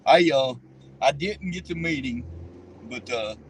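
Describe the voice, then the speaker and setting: A man's voice: medium pitch, lively intonation, unhurried, slight background noise, low-quality recording. A man with a Southern US accent, a truck driver chatting casually, emphatic and profane. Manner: profane, emphatic, laughing easily. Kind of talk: casual chat.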